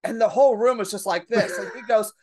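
A woman's voice: fairly high pitch, quick pace, a little mellow. A woman comedian telling a story in a podcast conversation, brash and profane, acting out the people in it. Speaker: comedian guest.

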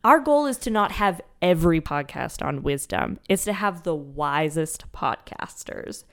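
A woman's voice: sits low, animated, a little slow, vocal fry. Giggly, wry woman podcast co-host. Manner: wry, giggly, reads quotes aloud in put-on voices. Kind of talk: casual chat.

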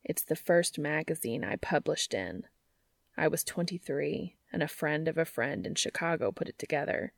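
A woman reading fiction aloud and voicing a grumpy, sleepy adult man in a low, mumbling, deadpan way. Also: normal speed, gravelly, no echo, clean studio sound, full character voice. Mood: awed.

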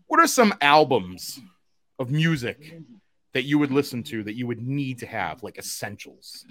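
A male podcast host, chatting casually and spinning a lively story. He laughs often and slips into the voices of the people he quotes. His voice sits in an ordinary middle range. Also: mid-range voice, moderate pace. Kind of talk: casual chat.

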